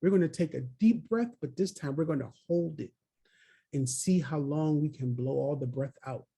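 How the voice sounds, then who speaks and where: A male trainer presents over a video call, encouraging his listeners and calling on them by name. His voice sits a little high for a man, with a husky, gravelly grain and a mellow, dark tone. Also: moderate pace. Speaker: early childhood trainer. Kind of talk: webinar presentation.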